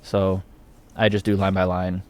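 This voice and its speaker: A young Canadian man with an Ontario accent, a guest singer chatting casually in an interview, relaxed and rambling, laughing often. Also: deep voice, unhurried. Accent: Ontario English.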